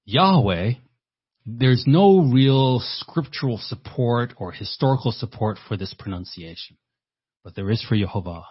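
A man with a low, husky voice preaches a sermon, building to forceful rhetorical questions and repeating words as he works through a point. The recording sounds dull and lo-fi. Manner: repeats words while thinking.

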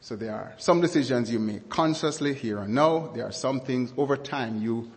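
Speaking at an ordinary middle pitch, a male preacher gives a sermon at a slow, deliberate pace, stressing key words and repeating them for emphasis. Each phrase trails off into long reverb, as though he's in a large hall.

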